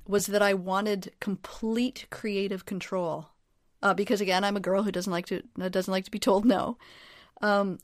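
A woman guest and author talking in a casual conversation, energetic and emphatic. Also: medium pitch, no room sound, studio quality. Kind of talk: casual chat.

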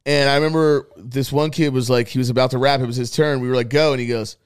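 A man in his thirties co-hosts a casual podcast, rambling through stories with plenty of swearing. He slips into quick impressions of the people he talks about, and his voice sits at an ordinary middle pitch. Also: clear, resonant tone. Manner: animated storyteller, swears freely, acts out friends' lines. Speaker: podcast co-host. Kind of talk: casual chat.

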